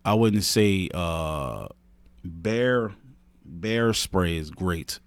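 A man's voice: low-pitched, lively intonation, extremely slow, dry recording. A man co-hosting a podcast, giving earnest advice in a casual chat, often repeating himself and saying "man" and "you know what I mean". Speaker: podcast co-host.

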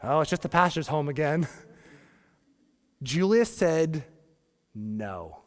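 A man in his thirties preaching a sermon as a pastor, joking, moving between hushed asides and emphatic bursts. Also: fairly high pitch, big pitch swings, slow, pauses often. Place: church sanctuary. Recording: long reverb of a church hall.

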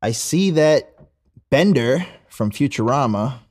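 A man with a mid-range voice, chatting easily on a podcast. He talks in a relaxed, meandering way and swears casually as he drifts between topics. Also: medium pitch, takes it slowly. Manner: laid-back, meandering, profane. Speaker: podcast co-host.

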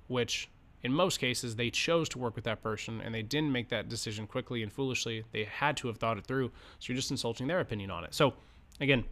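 With a medium-pitched, fairly bright voice, a male podcast host coaches financial advisors in casual instructional talk. He's conversational, full of fillers and restarts, and keeps breaking off to perform sample client lines.

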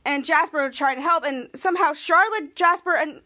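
A woman hosting a podcast, recapping a TV episode in a rambling, repetitive way and loudly acting out the quotes. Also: sits high, a little fast. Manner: rambling, repeats herself, acts out quotes loudly. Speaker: podcast host.

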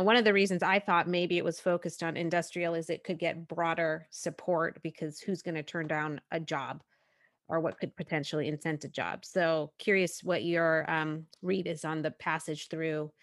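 A woman with a lowish voice hosts a podcast in a casual, chatty way. She thinks aloud and often trips and restarts her words. The sound is dry and close. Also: steady tone, moderate pace, no echo. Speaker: podcast host. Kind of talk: casual conversational interview.

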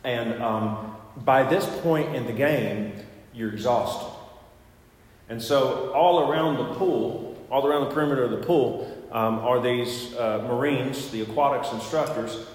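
A man preaches in a chatty, storytelling way, stumbling over fillers and restarting his phrases. His mid-pitched voice rings out through a large church sanctuary with a long, echoing reverb. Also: unhurried. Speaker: pastor. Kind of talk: sermon with personal story.

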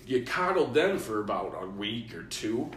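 A man's voice: medium pitch, sing-song, moderate pace, a bit bright, recorded from a distance, a little hiss or hum. A young man from Illinois hosting a podcast, telling a long personal story in casual chat, acting out the quotes and laughing often. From Illinois, USA. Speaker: podcast host. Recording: roomy, from off-mic.

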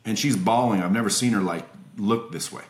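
A man's voice: fairly low pitch, a little fast, noisy background. Emphatic swearing man in a roomy echo. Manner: emphatic, swears freely, many restarts. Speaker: podcast guest. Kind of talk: casual storytelling. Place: at home with children nearby. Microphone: remote call.

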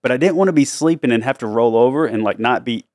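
A man's voice: medium pitch, fast talker, darkish tone, no echo, studio quality. A middle-aged man, a dad hosting a family chat show, telling stories in an easygoing way and laughing often. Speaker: dad and podcast host.

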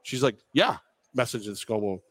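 A man's voice: medium pitch, lively intonation, normal speed. A man co-hosting a live show at a bar, spinning a rambling, self-deprecating story in casual chat. His voice sits in a middle register and sounds dry and close, with no room echo. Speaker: podcast co-host.

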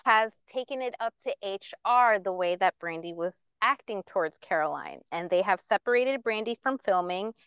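Young woman gossiping on a podcast, smooth clear voice, dry close sound, laughs a lot. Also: mid-range voice, a bit bright, no echo. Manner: chatty, laughs often, hedges with "alleged". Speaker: podcast co-host. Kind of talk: casual pop-culture gossip chat.

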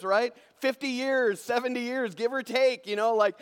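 Man, sermon, animated preacher, high-pitched voice, long hall reverb. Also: a little slow, few pauses, smooth. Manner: animated, acts out imagined voices, swings from loud to hushed. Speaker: pastor.

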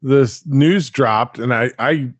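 A chatty man hosting a casual podcast chat, animated and quick to laugh. His voice sits at an ordinary middle pitch. The sound is dry and close, with no room around it. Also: slightly rough, no room sound.

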